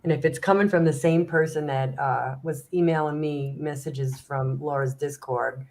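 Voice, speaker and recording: Chatty low-voiced woman streamer. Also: steady tone, moderate pace, darkish tone, poor audio. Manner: chatty, laughs easily. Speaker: panel guest, fellow streamer. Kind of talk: casual livestream chat.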